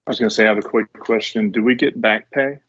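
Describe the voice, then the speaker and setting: Very low-voiced man on voice chat. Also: steady tone, fast talker, fairly bright tone, breathy edge, no room sound, dull audio. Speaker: player. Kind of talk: casual chat between players.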